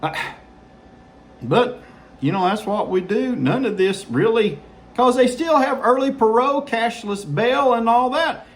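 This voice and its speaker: A man hosting a political commentary show, sarcastic and mocking as he reacts to news. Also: high-pitched. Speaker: host.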